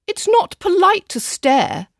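Brief: fussy, whining female storybook lizard, read by a woman, pitched high. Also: big pitch swings, unhurried, no room sound, studio quality. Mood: whiny. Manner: whining, prim.

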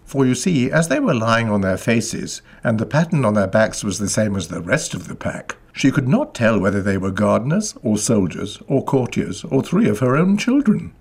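A man's voice: on the low side, very animated, moderate pace, vocal fry, hardly any pauses, a little mellow, husky. A man narrating a children's story expressively. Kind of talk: scripted narration.

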